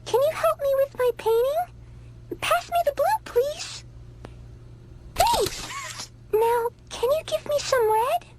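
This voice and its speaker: A woman's voice: very high-pitched, big pitch swings, slow, long pauses, heavily acted. A woman voicing a cartoon creature painter who turns possessive and accusing. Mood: demanding. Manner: polite then possessive, accusing. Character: sweet-turned-demanding unicorn painter creature. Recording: loud background noise.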